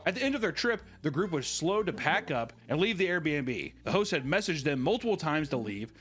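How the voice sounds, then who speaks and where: A man's voice: fairly high pitch, big pitch swings, brisk, fairly bright tone. A man hosting a reaction video, reading an article aloud and chatting casually, often laughing and breaking into mock voices.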